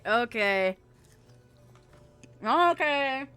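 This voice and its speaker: Lively, bright-voiced young woman streamer. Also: mid-range voice, normal speed, faint music behind. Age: 20s. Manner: animated, swearing, giggly, chatting with viewers. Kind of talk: casual gaming stream chat.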